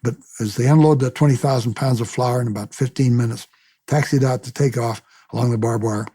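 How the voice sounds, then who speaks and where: An older man, a retired military pilot, recounts his memories in a lively oral-history interview, acting out the voices of people he quotes and repeating words as he restarts. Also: mid-range voice, fairly quick, husky.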